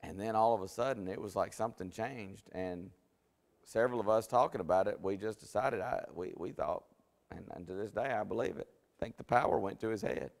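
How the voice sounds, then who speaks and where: A man's voice: on the low side, fairly quick, gravelly. A man teaching a Bible study in a church, folksy and conversational with many restarts. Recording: long church hall reverb.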